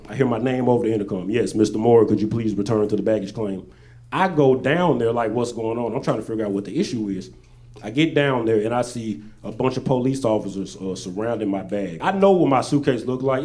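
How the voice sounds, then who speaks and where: A stand-up comedian from Arkansas, telling loose stories on stage into a handheld mic, jumping between loud bursts and low asides. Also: male voice.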